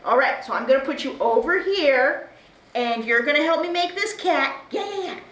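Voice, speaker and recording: A woman librarian with a high, bouncy voice leads children through a craft, taking her time over each step. Her cheerful, sing-song delivery is made for small kids. The sound carries a roomy echo, with a faint hiss underneath. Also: animated, moderate pace, fairly bright tone. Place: library room.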